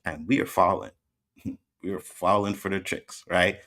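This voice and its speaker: A man with a low, deep voice and a Canadian accent touched with Jamaican slang, hosting a livestream. He answers his chat emphatically, hammering the same points again and again. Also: fairly even intonation, normal speed, a bit bright. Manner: emphatic, repeats points, argues back. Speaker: host. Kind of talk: livestream commentary reacting to chat.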